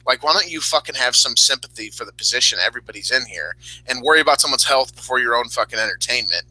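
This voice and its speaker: Very bright, heated, profane podcast man. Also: medium pitch, fast, no echo, low-quality recording. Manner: profane, heated, animated ranting. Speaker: podcast host. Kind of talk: casual podcast chat.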